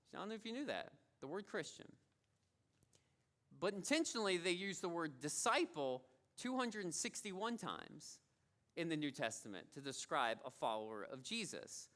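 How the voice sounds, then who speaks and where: Male pastor, sermon delivery; high, sharp voice; talks like he's telling a story, repeats lines to drive them home. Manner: conversational storytelling, repeats key phrases.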